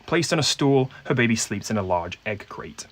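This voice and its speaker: A man's voice: medium pitch, expressive, moderate pace, a bit bright. A man playing a detective board game alone, reading the case aloud and musing hesitantly over the leads. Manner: hesitant, musing, many fillers. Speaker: solo game player and narrator.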